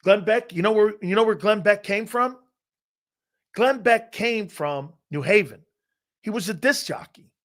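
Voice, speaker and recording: Animated middle-aged man with a fairly high voice. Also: a little slow. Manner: animated, emphatic storyteller who swears freely. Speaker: sports talk show host. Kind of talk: live sports talk with personal stories.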